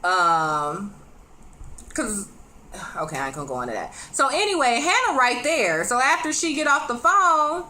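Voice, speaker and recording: A woman recapping a TV episode in a casual, chatty way. She is animated, laughs often and speaks straight to her viewers with quick asides. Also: a little high. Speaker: TV show reviewer.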